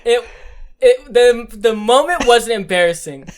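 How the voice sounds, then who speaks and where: A young man co-hosting a podcast in casual chat, telling stories with lots of swearing and jumping into loud quoted voices. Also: extremely high pitch, measured pace, a loud crowd. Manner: profane, animated storytelling that jumps into loud quoted voices. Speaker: podcast co-host.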